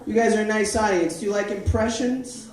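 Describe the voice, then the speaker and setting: Deadpan guy doing standup at open mic, heard from far off in a very echoey room. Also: high-pitched, brisk, heavy background noise. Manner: deadpan, self-deprecating, banters with the crowd. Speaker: stand-up comedian. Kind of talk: stand-up comedy set. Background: audience laughter.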